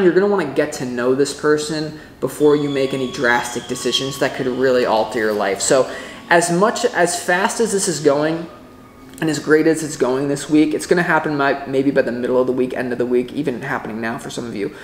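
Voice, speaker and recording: A man giving a casual tarot reading to camera, excitable and rambling, often breaking off mid-thought. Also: mid-range voice, a little fast, roomy sound, slight background noise. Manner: rambling, excitable, self-interrupting. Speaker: tarot reader.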